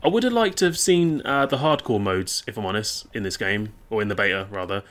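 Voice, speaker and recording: A man's voice: fairly low pitch, animated, fairly quick, a bit bright. A young man chatting casually and rambling over gameplay, swearing and reacting aloud to the game. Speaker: gaming YouTuber.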